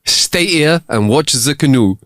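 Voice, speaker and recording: A man voicing an excitable young Frenchman in an exaggerated fake French accent, telling a joke. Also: medium pitch, a little slow, no echo, studio quality. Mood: scheming. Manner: hammy, theatrical joke-telling. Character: excitable young Frenchman Jean-Pierre, colonial settler.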